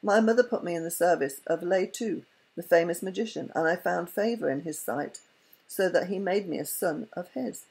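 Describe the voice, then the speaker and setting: A woman voicing a wealthy male enchanter who speaks gravely and in a measured way in a storybook reading. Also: fairly low pitch, a little mellow, exaggerated voice, rough recording.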